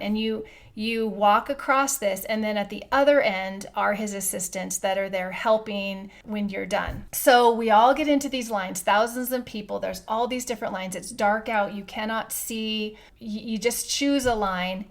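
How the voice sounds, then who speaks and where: This is a middle-aged woman recounting a personal experience on her podcast. She talks in an earnest, reflective way and often restarts her sentences. Her voice sits at a middle pitch. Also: gravelly. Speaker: podcast host. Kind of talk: personal storytelling.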